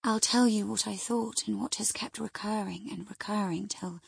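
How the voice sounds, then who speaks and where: A woman's voice: mid-range voice, steady tone, normal speed, vocal fry, slightly rough, exaggerated voice. A woman reading the part of a feverish, frightened young noblewoman, with anxious, breathless lines that often drop to a whisper. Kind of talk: audiobook character reading.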